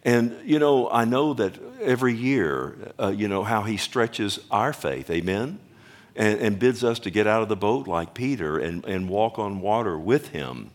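A middle-aged man preaching a sermon as a pastor, talking loosely with restarts, often checking with the congregation, and building up louder and higher as he goes. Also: lively intonation, measured pace. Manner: rambling, repeats himself, asks the congregation "amen?".

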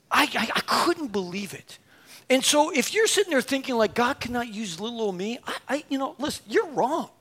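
His voice is extremely high with a breathy edge, and he speaks at normal speed. This preacher animatedly recounts a humorous personal story, mocking himself and performing the dialogue, before spurring on his congregation, at times shouting.

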